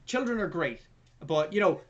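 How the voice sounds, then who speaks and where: A man's voice: high-pitched, expressive, moderate pace, muffled recording. A man co-hosting a film review podcast, recapping the plot in casual, sarcastic, sweary chat.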